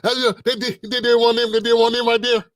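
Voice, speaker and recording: A man's voice: very high-pitched, flat delivery, racing, no room sound, clean studio sound. A middle-aged man hosting a livestream, slangy and joking, talking animatedly to his viewers. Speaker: host. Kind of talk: livestream commentary.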